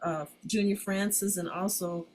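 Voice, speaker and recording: A woman's voice: medium pitch, fairly even intonation, moderate pace, low-quality recording. A woman hosting an online community panel, hesitant and full of ums but encouraging. A faint hiss of noise sits under her voice on the call. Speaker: host.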